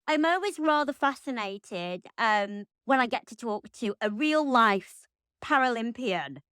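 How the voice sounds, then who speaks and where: A woman's voice: on the high side, expressive, a little slow, a bit bright, clear, resonant tone, dry recording, clean studio sound. Chatty woman host. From Lancashire, England. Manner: chatty and jokey, with playful asides. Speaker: podcast host. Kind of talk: relaxed podcast chat.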